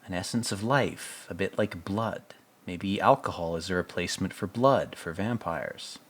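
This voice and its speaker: A man's voice: low voice, moderate pace. A man giving casual commentary on a TV episode, sarcastic, profane and rambling. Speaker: show commentator.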